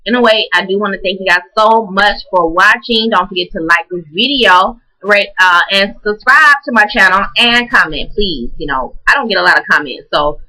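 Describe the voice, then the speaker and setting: A woman casually recapping a reality TV episode, animated and profane, acting out what people said. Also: medium pitch, moderate pace, few pauses, rough recording. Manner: animated, profane, acts out quotes. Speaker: recap vlogger.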